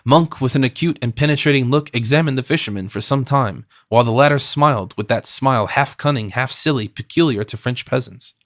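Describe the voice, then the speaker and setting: A man narrating a classic novel as an audiobook in an even, steady manner. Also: medium pitch, fairly quick, hardly any pauses, no room sound, clean studio sound.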